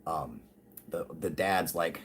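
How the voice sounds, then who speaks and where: Host type: low husky male voice, profane and rambling livestream ranter. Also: lively intonation, slow. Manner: profane, rambling, heated with frequent laughs. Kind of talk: casual ranting livestream talk.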